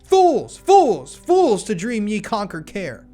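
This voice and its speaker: A man's voice: high-pitched, lively intonation, unhurried, soft background music, voice pushed up. A man voicing a mocking evil spirit, the effigy of care, who shrieks and taunts. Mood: taunting shriek.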